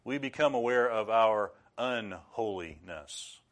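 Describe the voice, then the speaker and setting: A middle-aged man preaching a sermon in an earnest, measured way, now and then rising to loud bursts. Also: on the low side, lively intonation.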